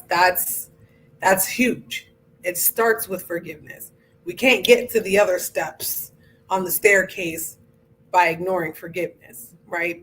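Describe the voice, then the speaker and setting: A woman hosting a casual interview podcast, talking in an animated, chatty way and acting out inner voices with slang. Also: lowish voice, slight background noise. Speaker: podcast host.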